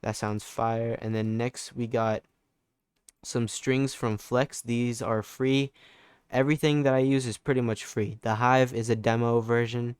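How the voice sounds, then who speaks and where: A man's voice: medium pitch, little pitch movement, a little slow, clear, resonant tone, no room sound, clean studio sound. A young man giving a casual, laid-back music production tutorial, loose and full of fillers and restarts. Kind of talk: casual screen-recorded tutorial.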